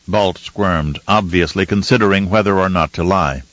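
A man narrating an audiobook in a measured, steady way. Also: low voice, dry recording, dull audio. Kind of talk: scripted narration.

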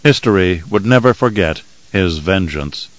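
A man reading an audiobook in measured, even scripted narration. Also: low-pitched, no echo, muffled recording.

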